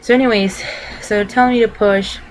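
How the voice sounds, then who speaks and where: A woman's voice: medium pitch, fairly even intonation, brisk, poor audio. A young adult woman vlogging, telling a personal story to camera in a loose, rambling way full of filler words.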